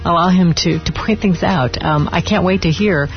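A man hosting a Christian radio talk show, speaking in a rambling way with halting phrasing. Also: sits high, muffled recording, soft background music.

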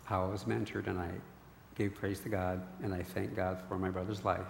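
A middle-aged man earnestly shares a personal faith testimony as a guest, telling his story with frequent restarts. His voice is low-pitched with vocal fry and little pitch movement, at a moderate pace, recorded in an echoey hall with a little hiss or hum.

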